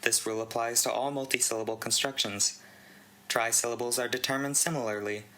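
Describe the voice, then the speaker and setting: Bright-voiced man reading a write-up. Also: medium pitch, fairly even intonation, brisk, poor audio. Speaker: channel host reading a contest entry. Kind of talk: reading a conlang write-up aloud.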